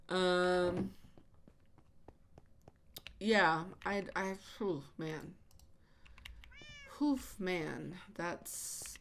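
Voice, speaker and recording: A woman host chatting casually while she plays, halting with many fillers and restarts, often sighing. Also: on the low side. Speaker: channel host. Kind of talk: casual chat while gaming. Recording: audible background noise.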